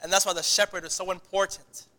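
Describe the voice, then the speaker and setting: A male pastor delivers an animated sermon in a high, bright voice, often stumbling and restarting mid-phrase. His words ring out with the long reverb of a church hall. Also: fast talker. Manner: animated preaching with many restarts.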